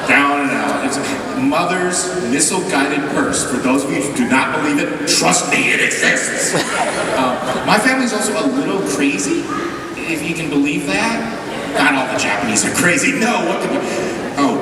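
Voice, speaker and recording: A man from Texas, the master of ceremonies, telling comic stories on stage in a large convention hall with a playful, self-mocking delivery. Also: fairly high pitch. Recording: echoey hall from far off with loud crowd noise.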